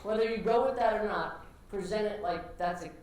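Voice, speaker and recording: A woman instructor giving direct, encouraging feedback to students practicing pitches in a classroom. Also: brisk, darkish tone. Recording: echoey classroom with background noise.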